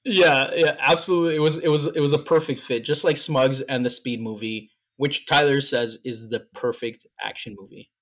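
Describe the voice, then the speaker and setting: A man's voice: medium pitch, fairly even intonation, moderate pace, hardly any pauses, a bit bright. A man co-hosting a podcast in casual chat, telling stories in a playful, teasing way and tripping over his fillers. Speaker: podcast co-host.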